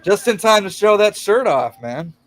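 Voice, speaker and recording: A man in casual chat while watching a film with friends, animated and laughing, acting out characters' lines. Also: sits high, moderate pace. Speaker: movie reviewer at a watch party.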